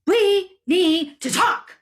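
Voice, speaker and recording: A woman voicing a petulant, bossy male national leader who demands and shouts like a child in a comedy sketch. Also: very high-pitched, very slow, full character voice. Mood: demanding.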